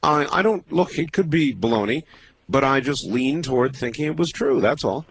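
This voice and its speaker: A man hosting a late-night call-in radio show, talking in a measured, halting way with many pauses. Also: mid-range voice, lively intonation, slightly rough. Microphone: studio microphone.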